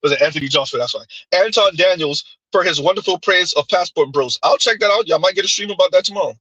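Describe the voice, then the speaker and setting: Bright-voiced argumentative man streaming. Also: high voice, quick pace, husky, no room sound, dull audio. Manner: argumentative, rhetorical questions; reads chat comments aloud. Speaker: livestream commentator. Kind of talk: casual livestream commentary.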